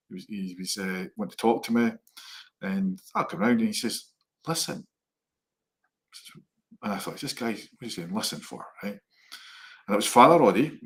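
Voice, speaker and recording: A man co-hosting a live online chat show, telling animated personal stories, acting out the dialogue and laughing often. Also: medium pitch. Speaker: co-host, psychic medium. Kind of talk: casual anecdotal chat. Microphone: live online video call.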